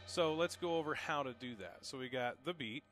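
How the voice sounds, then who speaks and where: A man teaching drums in a relaxed, reassuring way, calling out strokes and counts as he plays. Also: mid-range voice, normal speed, music in the background. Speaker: drum teacher. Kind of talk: casual instructional talk. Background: drum kit playing.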